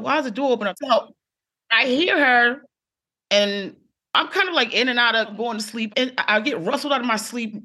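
A woman's voice: fairly high pitch, sharp tone. A woman comedian telling a story with theatrical flair, acting out the people she quotes. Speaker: guest comedian. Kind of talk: storytelling in casual chat.

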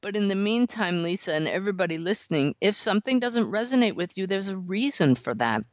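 A woman hosting a spiritual call-in radio show, talking to callers in a gentle, earnest and reassuring way. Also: medium pitch, lively intonation, brisk, no room sound. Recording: dry, slightly dull radio sound.

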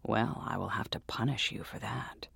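A man's voice: on the low side, normal speed, creaky, bright, forceful tone, husky, no echo, clean studio sound, exaggerated voice. A man voicing a furtive, lecherous older man who hisses in a half-whisper, in a whispered role-play. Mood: hissing.

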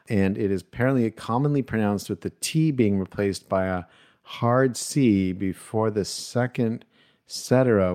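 A man's voice: on the low side, darkish tone. A man hosting a solo podcast, chatting casually, mocking his own mistakes, laughing often, and thinking aloud with plenty of ums and uhs. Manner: thinks aloud with many fillers. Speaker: podcast host.

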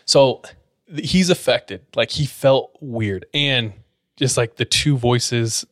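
A man hosting a podcast, casually telling a scary story in a relaxed way and filling his speech with "like". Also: mid-range voice, takes it slowly, no echo, clean studio sound. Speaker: podcast host.

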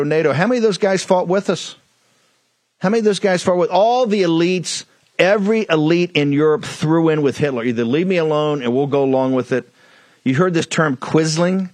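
A man hosts a political talk show in a fiery, blunt monologue. His voice sits a little high and sounds dry and close, with no room around it. He hammers his points with emphasis. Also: no room sound.

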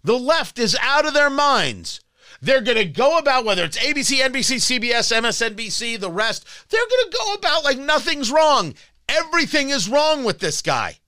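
A man's voice: very high voice, big pitch swings, moderate pace, pushed and bright, dry recording. A man hosting a talk radio show, delivering an emphatic, combative monologue into a studio microphone.

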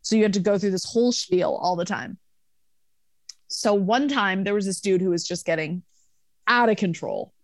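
Profane, animated woman telling a story. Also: medium pitch, moderate pace, no echo. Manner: profane, animated, acts out quotes. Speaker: podcast guest, former bar manager. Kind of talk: casual storytelling.

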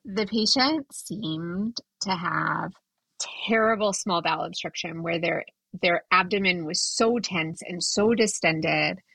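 Slow, bright-voiced woman telling stories. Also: fairly low pitch, gravelly, breathy edge, no room sound, poor audio. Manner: dry, self-deprecating storytelling. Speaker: podcast guest, pulmonologist. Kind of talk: casual chat.

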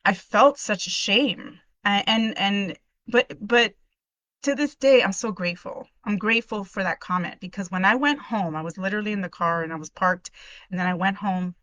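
Earnest woman, bright and close. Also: mid-range voice, normal speed, no echo. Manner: earnest, emotional, many restarts. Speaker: podcast host sharing her testimony. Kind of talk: personal testimony in a live online workshop.

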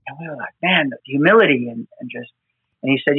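A man's voice: mid-range voice, fast talker, slightly rough, no room sound. Earnest man on a tinny phone-like line. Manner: earnest, emotional, repeats words while telling stories. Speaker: disaster responder with New York fire department team. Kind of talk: conversational storytelling.

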